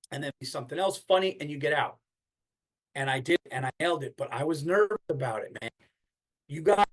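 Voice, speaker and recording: A middle-aged man hosting a podcast, telling a story in a casual, comedic way, swearing and acting out the people he quotes. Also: on the high side. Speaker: podcast host.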